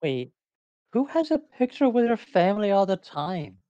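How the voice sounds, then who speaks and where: A woman's voice: mid-range voice, big pitch swings, moderate pace, dark tone, no echo. A woman playing a tabletop game, easygoing and teasing. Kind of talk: casual game chat. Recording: dull, dry lo-fi mic.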